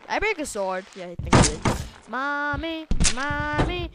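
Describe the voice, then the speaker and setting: Excitable high-voiced woman gamer. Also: takes it slowly. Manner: excitable, yells at the game, trails off into mumbles. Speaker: let's play gamer. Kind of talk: game commentary. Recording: loud background noise.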